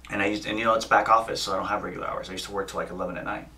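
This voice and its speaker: A man's voice: fairly low pitch, racing. A man in his thirties, a podcast guest who is an MMA fighter and coach, telling a story casually and with lots of swearing. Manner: profane, animated anecdote teller. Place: podcast studio. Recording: voice a bit far from the mic.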